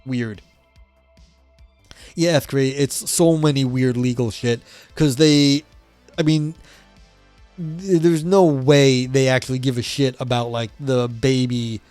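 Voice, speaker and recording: A man's voice: medium pitch, fairly even intonation, slow, pauses often, darkish tone, no echo, soft background music. A man from New York hosting a livestream, chatting casually and reading aloud, rambling and swearing with many fillers and restarts. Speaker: livestream host reading a book.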